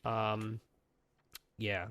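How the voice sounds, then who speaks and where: A man's voice: fairly low pitch, flat delivery, drawn-out words, a bit bright, no echo, clean studio sound. A young man co-hosting a casual comic book podcast. He talks profanely and acts out characters' lines. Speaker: podcast co-host.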